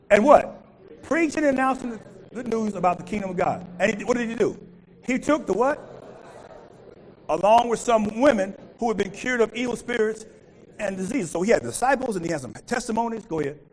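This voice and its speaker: A pastor with a high voice preaches a call-and-response sermon at a fairly quick pace, and the audio quality is poor. He's animated, repeatedly asking the congregation to finish his words.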